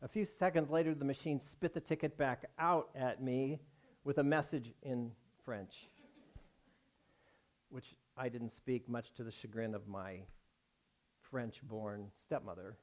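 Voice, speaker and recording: Slow, wry male rabbi telling a story. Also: medium pitch, steady tone. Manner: wry, self-mocking storytelling with pauses for laughs. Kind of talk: sermon told as a personal story. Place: synagogue sanctuary with a congregation.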